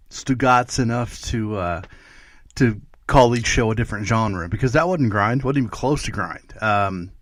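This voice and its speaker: A man's voice: mid-range voice, a bit bright, dry recording, clean studio sound. A man hosting a music podcast, chatting casually between songs with lots of fillers and easygoing jokes, seated at his editing desk. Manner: rambling, many fillers and restarts; easygoing, joking. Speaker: podcast host.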